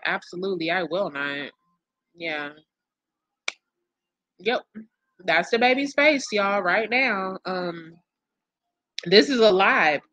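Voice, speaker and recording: A woman's voice: medium pitch, sharp tone. A woman hosting casual commentary for her viewers, blunt, profane and exasperated as she gossips. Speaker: commentary channel host.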